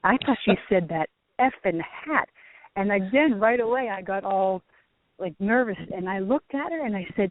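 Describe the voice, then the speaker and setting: Over a tinny, dry phone line, a middle-aged former tour golfer turned teacher shares stories for an interview while outdoors at a driving range. She is lively and keeps breaking into laughter, speaking at normal speed in a mid-range voice with no room sound.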